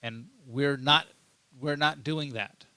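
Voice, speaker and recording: A man delivering an unscripted commentary monologue, pressing his points with emphasis and stumbling over repeated words as he goes. His voice is strongly bright and forward, and the recording is very dry and close. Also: mid-range voice, steady tone, takes it slowly, no room sound. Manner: repeats himself and restarts often, emphatic. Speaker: political commentary host.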